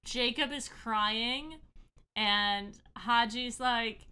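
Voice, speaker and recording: A woman narrating and running a tabletop game as game master, animated and often laughing. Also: mid-range voice, a little slow, smooth.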